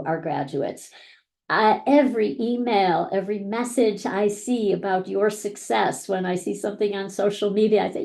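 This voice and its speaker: Woman giving a graduation speech, slow and warm, cheering folks on. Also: mid-range voice, gravelly. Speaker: academy founder giving graduation address. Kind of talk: prepared speech. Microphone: live-stream microphone.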